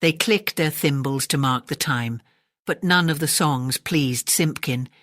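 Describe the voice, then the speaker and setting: A woman with an English accent reading a classic children's story aloud, gentle and expressive. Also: sits low, unhurried, no echo, studio quality. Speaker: audiobook narrator.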